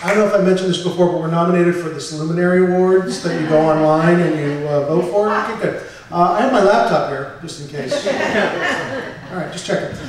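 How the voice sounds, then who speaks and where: A man's voice: high-pitched, fairly quick, a crowd in the background. A man hosting a live storytelling event, chatty with joking asides to the audience. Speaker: event host. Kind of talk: stage hosting. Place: stage before a live audience. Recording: echoey hall from far off.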